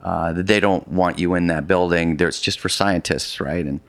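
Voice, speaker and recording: A middle-aged man telling a long story in a casual conversation, animated and rambling with many restarts. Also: low-pitched, moderate pace, dry recording. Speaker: guest, polar expedition adventurer.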